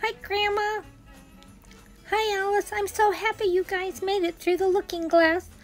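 A woman voicing an excitable, friendly male rabbit in a squeaky, eager way. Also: a little slow, faint music behind. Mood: excited.

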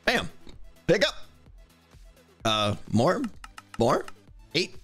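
A young man talks casually through a live game stream with a slightly high, very animated voice, his sentences broken by hiccups. He thanks viewers one by one in a chatty, good-humored way. Faint music plays behind him. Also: drawn-out words. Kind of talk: casual live-stream chat while gaming.

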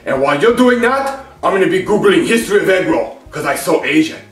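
Man doing an angry shouting teacher, very high voice, echoey room. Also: sing-song, fairly quick, recorded from a distance. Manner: yelling, insulting.

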